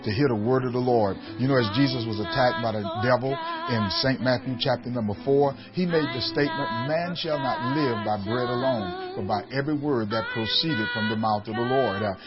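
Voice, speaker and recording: Bishop preaching on muffled radio. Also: male voice, medium pitch, fairly quick, few pauses, loud music behind the voice. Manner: rising to emphatic calls with repeated questions. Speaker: bishop and pastor. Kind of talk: radio sermon.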